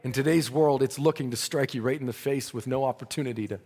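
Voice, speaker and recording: A man's voice: medium pitch, quick pace, darkish tone, in a large hall. A man preaching a sermon, telling a story dramatically and breaking into praise.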